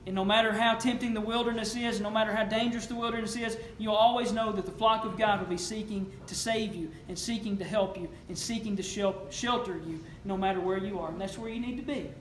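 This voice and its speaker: A man's voice: high-pitched, fairly even intonation, fairly quick, hardly any pauses, fairly bright tone. A male preacher delivering a sermon in an earnest, questioning, storytelling manner. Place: church sanctuary. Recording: echoey church room, faint noise.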